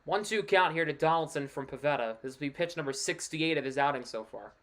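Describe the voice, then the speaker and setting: A fast-talking man with a fairly high pitch runs a laid-back live stream of a baseball game, narrating each play. Big plays get him excited, and he keeps things chatty with offhand comments.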